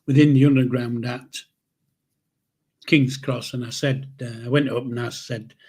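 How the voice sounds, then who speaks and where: A channel host in his seventies with a Yorkshire accent, from Yorkshire, England, tells a rambling personal story casually, swearing freely and restarting his sentences. His voice is husky and darkish, medium in pitch, steady in tone and a little slow.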